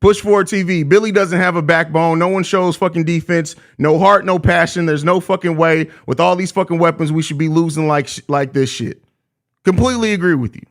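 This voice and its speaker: A man's voice: on the high side, brisk. A young man with a Chicago accent hosting a live postgame show, ranting heatedly and cursing. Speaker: podcast host.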